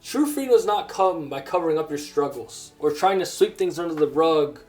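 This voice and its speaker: A grown man delivers a personal testimony sermon in an earnest, halting way, circling back and restarting his phrases. His voice sits a little higher than most men's. Soft music plays faintly underneath. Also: lively intonation. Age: adult. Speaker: preacher.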